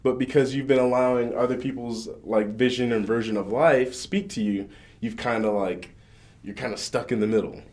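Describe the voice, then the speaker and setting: A man co-hosting a podcast, reading scripture and then chatting about it in a relaxed way with fillers and laughs. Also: medium pitch, moderate pace. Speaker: podcast co-host. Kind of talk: casual faith chat and scripture reading.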